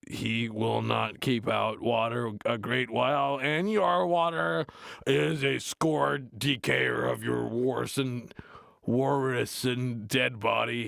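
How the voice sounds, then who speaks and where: An actor playing a gruff, blunt adult metal frontman, reading a play aloud in a deadpan, grumbling way and mocking the text. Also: medium pitch, no echo, clean studio sound, full character voice. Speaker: reader of a play. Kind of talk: comedic read-aloud with running complaints.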